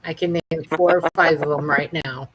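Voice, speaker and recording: A woman with a low, husky voice chats on a live stream, passing along viewer comments between easy laughs. Her voice is dry and close-miked. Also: fairly even intonation, normal speed, dry recording, low-quality recording. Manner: laughs often, reads viewer comments aloud. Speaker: livestream co-host. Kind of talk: casual live chat.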